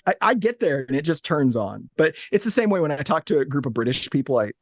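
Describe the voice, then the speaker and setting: A man in his late thirties from Alabama, a guest telling animated, joking stories from his office with frequent restarts. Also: fairly high pitch, quick pace, no echo. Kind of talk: casual interview chat.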